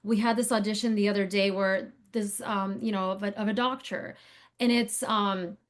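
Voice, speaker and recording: A woman's voice: medium pitch, steady tone, moderate pace. A woman guest on an interview podcast, a casting director, talking in a chatty, digressive way with lots of fillers. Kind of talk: casual interview conversation.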